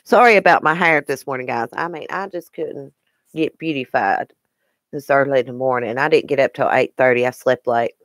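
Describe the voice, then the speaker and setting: A woman's voice: rumbling low, moderate pace, no room sound. Chatty Southern American woman, dry sound. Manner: chatty, answering viewer comments by name. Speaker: live-stream host. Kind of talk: casual live-stream chat.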